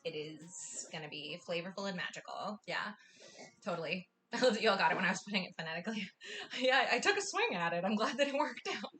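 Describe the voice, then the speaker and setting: A woman's voice: medium pitch, lively intonation, brisk, sharp tone, a little hiss or hum. A young woman hosting a live cooking class, chatting with her viewers in an effusive, gushing way. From US Northwest. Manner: bubbly and effusive, gushing often.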